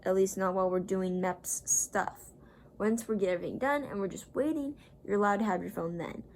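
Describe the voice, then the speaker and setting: A woman's voice: mid-range voice, fairly quick, darkish tone, a little hiss or hum. A young woman vlogger casually retelling a story, rambling and acting out the people she quotes.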